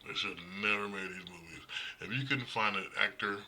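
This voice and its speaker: A man's voice: lowish voice, brisk, pushed and bright, slight background noise, low-quality recording. A man casually reviewing horror movies in a blunt, profane, rambling way, often restarting his sentences.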